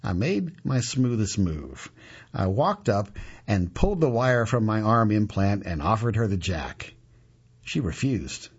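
A man narrating a gritty first-person story in an expressive way, moving from punchy to hushed, on a dull lo-fi recording. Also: fairly low pitch, a little slow, breathy edge.

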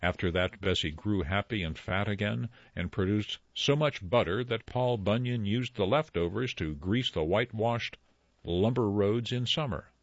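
A man telling tall tales and explaining word origins in an expressive, lively storytelling manner. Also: fairly low pitch, normal speed, no room sound. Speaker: storyteller and co-host. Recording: dull lo-fi recording, dry.

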